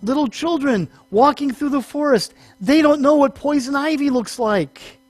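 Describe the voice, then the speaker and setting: A male pastor teaching a sermon in a chatty, storytelling way, with humorous asides and quick acted-out voices in his anecdotes. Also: very high voice, no echo. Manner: animated, acts out small voices in stories.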